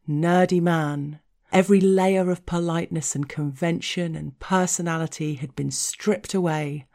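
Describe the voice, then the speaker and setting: A woman's voice: sits low, gravelly, a little mellow. A woman narrating an explicit first-person story in a frank, wry and teasing way. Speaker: erotic audio storyteller.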